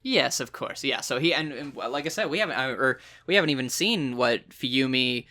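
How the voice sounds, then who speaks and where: Casual podcast host, rambling and excitable, laughs a lot, mid pitch. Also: brisk. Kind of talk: casual chat.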